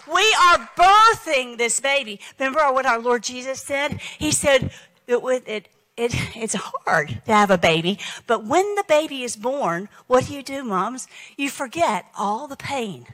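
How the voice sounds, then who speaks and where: A high-voiced middle-aged woman preaches an end-times sermon, rushing through her points and reading scripture aloud in between. Her tone is bright and sharp, and she drives every line home with force. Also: lively intonation, rough recording. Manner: fast, emphatic, scripture-quoting preacher.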